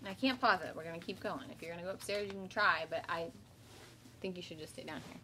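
A woman in her thirties, a kindergarten teacher, reading a picture book aloud to children with lively voiced storytelling, then leading a home class. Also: fairly low pitch, fast, a little hiss or hum.

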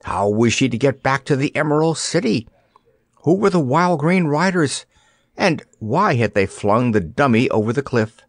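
A man narrating an audiobook in an expressive storytelling manner, on a close studio mic. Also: medium pitch, normal speed, dry recording.

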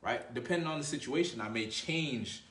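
Playing a dating coach, a man rattles off casual advice in a slangy, conversational manner, addressing the viewer as "bro" and often finishing with "right?". He speaks briskly and animatedly with a medium, slightly bright voice, heard from a distant mic in a roomy room.

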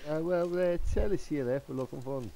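A man's voice: a little high, vocal fry, warm tone, a little hiss or hum, low-quality recording. A man putting on an Irish accent to play a brash, swearing rebel in in-game voice chat. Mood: cocky. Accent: put-on Irish. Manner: cocky, swearing, quick-talking. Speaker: game player.

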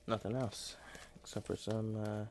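A man's voice: on the low side, level tone, measured pace, darkish tone, a little hiss or hum. A man casually narrating an unboxing in his home kitchen, talking to a phone camera, rambling and self-deprecating with lots of fillers and apologies. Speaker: unboxing vlogger. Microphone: phone camera with headphones plugged in.

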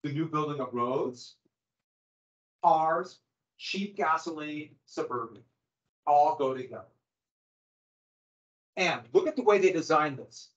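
A middle-aged high school history teacher lectures conversationally, dropping wry, sarcastic asides. His fairly high voice is expressive and slow with long pauses, captured in a dull, lo-fi classroom recording.

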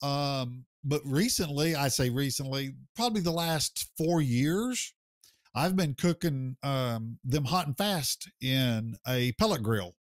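A man's voice: medium pitch, animated, takes it slowly, dry recording, studio quality. An American man, a barbecue pitmaster, talking casually as a podcast guest in a folksy, plainspoken way. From United States. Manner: folksy, plainspoken, says sir. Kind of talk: casual interview chat.

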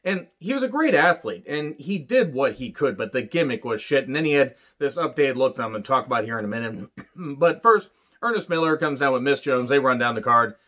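A man's voice: medium pitch, animated, fairly bright tone, dull audio. Blunt, profane man reviewing wrestling. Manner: blunt and profane, with quick mocking impressions. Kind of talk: casual solo review monologue.

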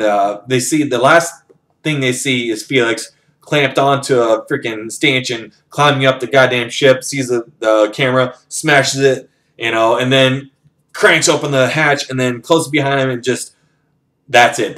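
Unhurried and fairly bright in tone, this medium-pitched man casually walks through a novel's scenes as a book reviewer. He rambles, curses freely, and quotes from the story frequently.

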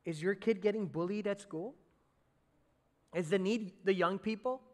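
A man preaching a sermon as pastor, in a lively, conversational way, with many fillers and asides to the congregation. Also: high-pitched, normal speed. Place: church sanctuary on a stage. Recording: church hall with long reverb.

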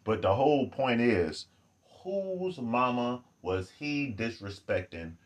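A man giving ranting vlog commentary, animated, profane and sarcastic. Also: mid-range voice, takes it slowly.

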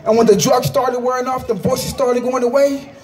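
A man with a very high-pitched voice gives a fervent spoken testimony in an outdoor park. He talks in urgent bursts, often rising into a shout and repeating phrases for emphasis. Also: fairly even intonation, normal speed. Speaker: person giving a religious testimony.

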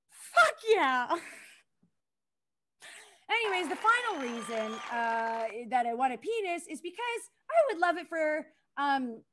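A woman's voice: very high voice, pushed and bright, slight background noise. A young woman doing a crude stand-up comedy set, self-deprecating, laughing at her own jokes and talking to the crowd.

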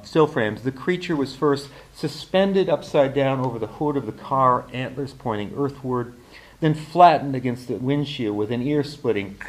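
A man, an author, reading his novel aloud in a measured, deliberate way at a university reading. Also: medium pitch, poor audio.

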